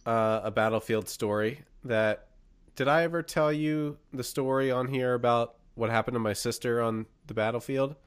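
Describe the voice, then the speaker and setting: A young man on a remote call, a podcast co-host telling a personal ghost story in a casual, animated way. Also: medium pitch, normal speed, clean tone, dry recording. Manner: animated storyteller, acts out voices in quotes.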